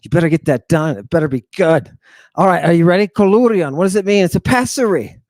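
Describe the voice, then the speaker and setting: A man hosting an animated lecture on word meanings, talking emphatically in an excitable, jokey, irreverent way. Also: a little high, fast talker, no room sound. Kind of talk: animated lecture to an online audience.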